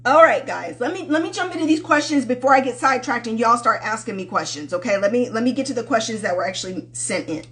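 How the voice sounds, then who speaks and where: A woman's voice: a little high, lively intonation, fast talker, few pauses, fairly bright tone. A woman love coach hosting a live-stream Q&A, chatting casually and affectionately with viewers and calling them sweetheart.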